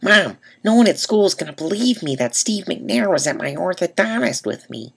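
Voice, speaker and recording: A man's voice: high-pitched, big pitch swings, moderate pace, gravelly, a bit bright, husky, pitched above the performer's own voice, exaggerated voice. A man voicing his eager, starstruck younger self as a seventh-grade boy. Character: eager twelve-year-old boy, starstruck.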